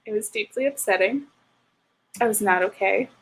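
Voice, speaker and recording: A young woman hosting a writing livestream, chatting casually with viewers and getting animated and ranty. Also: medium pitch, moderate pace, poor audio. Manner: animated, ranting. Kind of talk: casual chat with live viewers.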